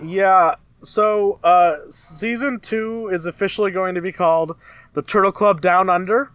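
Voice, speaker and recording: Male podcast co-host, high voice, dry close sound, loose announcing style. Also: a little slow, a bit bright, clear, resonant tone, no echo. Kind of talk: casual chat.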